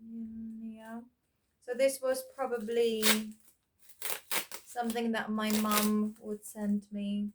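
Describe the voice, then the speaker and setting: Slow, rambling woman thinking aloud. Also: fairly high pitch, flat delivery, a little hiss or hum. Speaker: vlogger. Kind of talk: casual reminiscing while sorting keepsakes.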